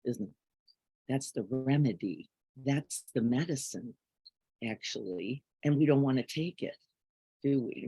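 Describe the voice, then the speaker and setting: A middle-aged woman giving a reflective spiritual teaching in a gentle, unhurried way, often closing her points with soft tag questions. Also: a bass voice, slightly rough, no room sound, poor audio.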